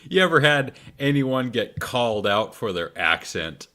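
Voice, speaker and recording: A man's voice: mid-range voice, sing-song, a little slow, bright, forceful tone. A man hosting a podcast, trading jokes and teasing the others in casual chat. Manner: joking, teasing. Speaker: podcast host.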